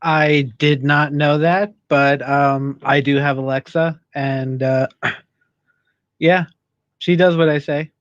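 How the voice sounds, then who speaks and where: A man co-hosting remotely from a small studio, answering with low-key, dry quips. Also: steady tone, slow, no echo, highs cut off. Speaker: co-host. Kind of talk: remote talk show banter.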